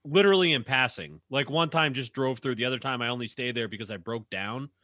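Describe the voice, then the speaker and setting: A man's voice: mid-range voice, fast talker, bright, forceful tone, no room sound, studio quality. A man co-hosting a casual movie chat, rambling with lots of filler words and swearing. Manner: rambling, heavy on "like" fillers, profane.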